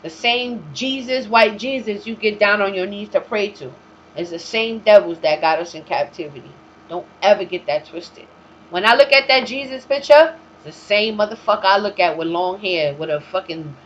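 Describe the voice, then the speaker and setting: A woman host talks in a loose, unscripted monologue, blunt and heavy with profanity. Her streetwise storytelling comes through a dull, slightly lo-fi recording with a faint hiss behind it. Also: on the low side. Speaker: talk show host. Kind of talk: casual monologue.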